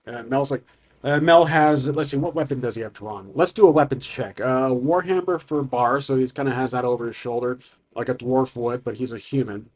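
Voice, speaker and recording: A man's voice: medium pitch, fairly quick. A man casually talking through a solo tabletop game, rambling with fillers and tangents.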